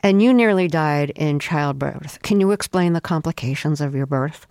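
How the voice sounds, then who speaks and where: An interviewer asking direct, measured questions. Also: mid-range voice, darkish tone, no room sound, clean studio sound.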